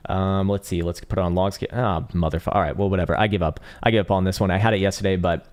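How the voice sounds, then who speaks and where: Hoarse male trading streamer, low voice, casual, profane, rambling. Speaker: crypto trading analyst host. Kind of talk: live-streamed chart analysis.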